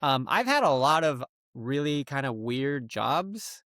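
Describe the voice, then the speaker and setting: A man's voice: mid-range voice, very animated, measured pace, a bit bright, dry recording, clean studio sound. A man co-hosting a podcast, telling a story in casual chat and acting out phone calls in put-on voices. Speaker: podcast co-host.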